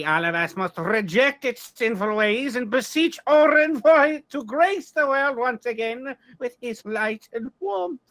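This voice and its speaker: A man's voice: very high-pitched, a bit bright, no echo, heavily acted, low-quality recording. A man voicing a stern fire-and-brimstone temple preacher, reading a paid ad from a fan newspaper in a put-on accent, in a dry room. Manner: stern, sermonizing proclamation.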